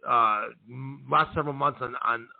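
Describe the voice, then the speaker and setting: A man's voice: medium pitch, normal speed, gravelly. A sleep-deprived man co-hosting a podcast in casual, apologetic, rambling chat. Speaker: podcast co-host. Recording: tinny phone-like line.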